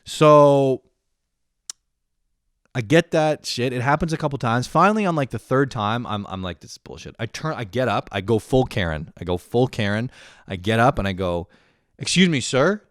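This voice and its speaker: A man's voice: mid-range voice, animated, moderate pace, no room sound, studio quality. A young man in a profane comedic rant, swearing constantly and sounding exasperated as he complains. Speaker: comedic vlogger.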